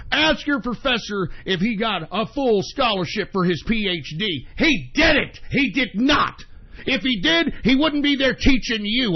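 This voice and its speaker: A man hosting a radio show, ranting in a profane, combative monologue that flares into shouting. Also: high-pitched. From United States. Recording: dull lo-fi audio.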